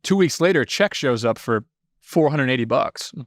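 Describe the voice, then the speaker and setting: A man from Indiana, a podcast guest telling stories in a casual, animated way, swearing freely. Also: mid-range voice, moderate pace, no echo, clean studio sound. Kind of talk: casual storytelling.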